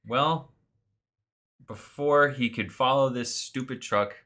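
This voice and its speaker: A man co-hosting a podcast, recapping a video game in animated, sarcastic casual chat. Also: mid-range voice, slow pace. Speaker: podcast co-host.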